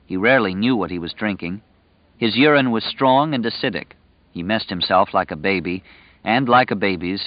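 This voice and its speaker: Low-voiced male audiobook narrator. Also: no echo. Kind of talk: scripted narration. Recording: dull lo-fi dry recording.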